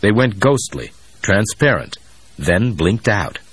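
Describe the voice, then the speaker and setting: A male audiobook narrator reading a thriller in a steady, even way. His voice is deep and slightly husky. It is recorded close on a studio mic and sounds dry, with no room echo. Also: slow.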